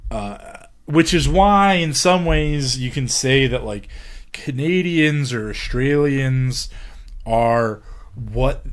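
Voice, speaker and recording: A man giving a casual podcast lecture, hesitant, with many ums and restarts. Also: medium pitch. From England.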